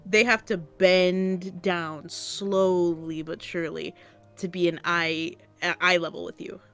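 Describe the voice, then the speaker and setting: Slow-talking woman game master. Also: lowish voice, level tone, a bit bright, clean tone, soft background music. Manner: slow, descriptive, playful. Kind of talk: narrating a tabletop game.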